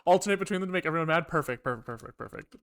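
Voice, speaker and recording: High-voiced man thinking aloud while coding. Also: animated, very fast, a bit bright, clean tone. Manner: rambling, thinking aloud, profane, wry asides to chat. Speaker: programming livestreamer. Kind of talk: casual live coding talk.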